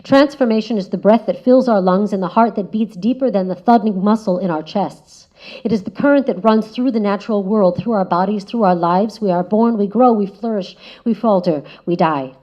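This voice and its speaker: A woman gives a prepared talk, essay-style, as a guest in a lecture room, her voice sitting in a middle pitch range. She is reflective and measured, frequently letting her phrases trail off softly, captured in somewhat dull, lo-fi audio.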